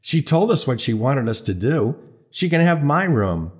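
A man's voice: mid-range voice, sing-song, normal speed, voice pushed up, lightly acted. A man voicing a pushy young man who insists on rescuing a stranger, wheedling and insistent.

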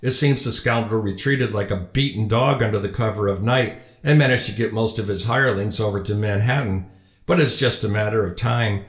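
A man's voice: fairly low pitch, roomy sound, lightly acted. A man voicing a pompous older loyalist father who gloats triumphantly in a storybook reading.

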